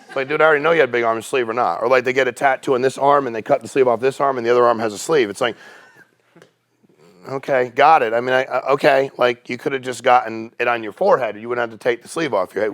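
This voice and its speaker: A middle-aged man telling stories casually to a business meeting, acting out the people in them. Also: mid-range voice. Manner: casual, animated storyteller acting out quoted voices. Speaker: company CEO speaking at a sales meeting. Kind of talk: storytelling talk to a business audience.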